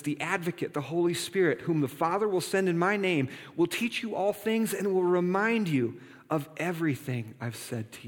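Male pastor, slightly high voice, relaxed and joking, preaching in a church with a long echo. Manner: conversational, playful asides to congregation. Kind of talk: sermon. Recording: reverberant hall.

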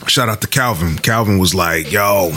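Dude just chatting w his friend, laughs a lot, bright voice, faint music behind. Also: low voice, moderate pace. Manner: loose, laughing, swears freely, animated retelling. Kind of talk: casual chat.

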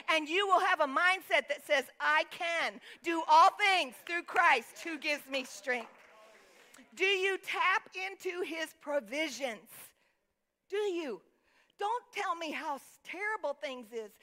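High bright-voiced woman preaching. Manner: emphatic, calls for congregation responses; reads scripture aloud. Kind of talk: sermon.

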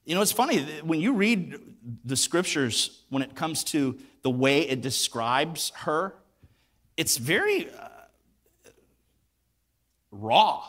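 A man's voice: on the high side, sing-song, slow pace, long pauses, a bit bright. A man preaching a sermon, retelling a story with acted voices and emphatic repetition. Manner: emphatic, repeats words for weight. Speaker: pastor.

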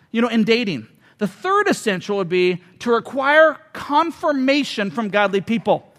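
Pastor in his forties, very high-pitched man, conversational and emphatic sermon delivery. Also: fairly bright tone. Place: church hall with audience.

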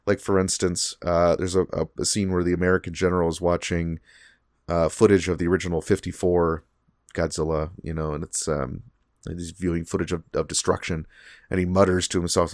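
A man's voice: low-pitched, flat delivery, fairly quick, no room sound, studio quality. A man co-hosting a podcast, chatting casually with lots of fillers and restarts. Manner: rambling, many fillers and restarts. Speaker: podcast co-host.

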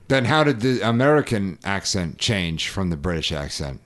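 A man's voice: sits low, very animated, normal speed, a bit bright. A man co-hosting a comedy podcast, rambling through jokes and restarting his sentences. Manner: rambling, jokey, restarts a lot. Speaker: podcast co-host. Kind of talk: casual comedic chat.

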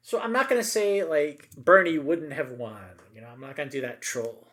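A man's voice: fairly high pitch, moderate pace, a bit bright. A middle-aged man co-hosting a podcast, chatting casually and emphatically about politics, with many asides and tag questions.

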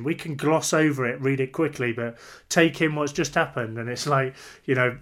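A man's voice: a little high, a bit bright. A man preaching a sermon in an earnest, emphatic way, repeating phrases for weight.

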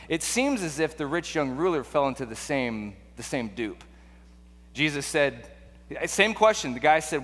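A man's voice: a little high, animated, measured pace, fairly bright tone. A man preaching a sermon in a conversational way, full of rhetorical questions and restarts. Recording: long hall reverb.

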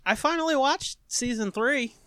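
High-voiced joking podcast host man. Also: normal speed, sharp tone, clear, resonant tone, no room sound. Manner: joking, crude, laughs often. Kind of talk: casual podcast chat.

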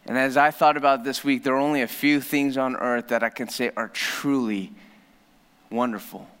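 A male pastor preaching a sermon, often dropping to a low, soft voice to stress a point. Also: steady tone, moderate pace, clear, resonant tone. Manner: dramatic drops to a low soft voice for emphasis. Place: church hall. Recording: reverberant church hall.

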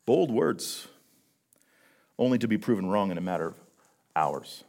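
A man preaching a sermon, talking earnestly to his congregation and swinging between hushed, low passages and emphatic, raised ones. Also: sing-song, unhurried, vocal fry, pauses often. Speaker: pastor.

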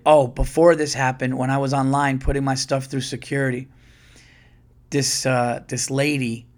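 A man hosting a podcast, telling a rambling, profane story in a casual monologue and quoting people as he goes. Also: medium pitch. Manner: profane, rambling, animated retelling with quoted voices. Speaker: podcast host.

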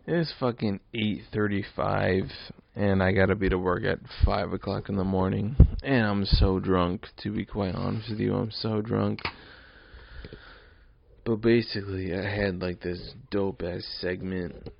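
Alone on his podcast, a young man in his early twenties is drunk and rants loosely, swearing and saying the same things again. His lowish, gravelly voice is steady and slightly slow, captured in a dull lo-fi recording with no room sound.

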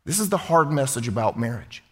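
A man preaching a sermon as pastor, animated and quizzing his congregation in a church. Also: mid-range voice, brisk, slightly rough, long reverb tail. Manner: animated, questioning the congregation directly. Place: church sanctuary.

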